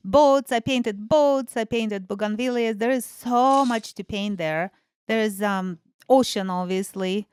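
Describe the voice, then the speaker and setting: A woman's voice: medium pitch, a little slow, a little mellow, clean tone, dry recording, clean studio sound. A woman guest in a casual interview who searches for words, with many fillers. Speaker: guest artist.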